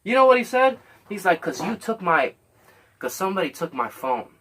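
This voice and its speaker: A man with a slightly high, husky voice tells a heated story in casual podcast chat. He swears freely and acts out both sides of a quarrel. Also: very animated, normal speed, a bit bright. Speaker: podcast host.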